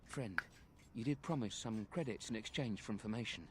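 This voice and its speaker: An actor with a posh British accent playing a weary, street-wise male refugee beggar in a video game, speaking in a measured, matter-of-fact way. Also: lowish voice, noisy background, natural voice. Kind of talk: game voice acting.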